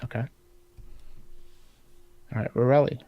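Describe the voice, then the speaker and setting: A man's voice: medium pitch, fairly even intonation, slow, no echo, highs cut off. A man narrating a tabletop game as game master, hesitant and full of filler words.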